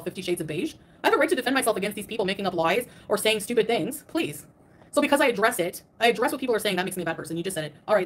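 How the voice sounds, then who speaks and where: Rapid-fire defensive woman streamer. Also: medium pitch. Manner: defensive and emphatic, repeats herself. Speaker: streamer answering critics. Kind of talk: livestream rant.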